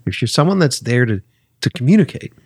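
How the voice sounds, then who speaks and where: Animated, husky-voiced man chatting casually. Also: medium pitch, fast talker, no room sound, clean studio sound. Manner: enthusiastic, swears casually, says "man" a lot. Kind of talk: casual conversation.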